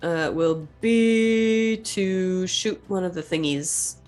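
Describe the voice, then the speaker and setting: A woman with a lowish voice plays in a tabletop game. She talks in a chatty way, stumbling on fillers as she works out her turn. Soft music sits behind her. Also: takes it slowly. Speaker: player. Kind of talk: casual tabletop game play.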